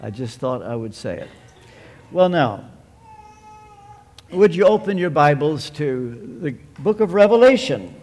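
A man's voice: fairly high pitch, very animated, a little mellow. A preaching man in a reverberant hall. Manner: measured, emphatic preaching with rhetorical questions. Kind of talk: sermon.

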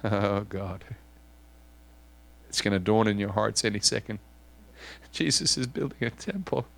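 A man preaching a sermon in an animated, emphatic way, often repeating words as he restarts. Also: lowish voice, fairly quick, vocal fry. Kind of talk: sermon teaching.

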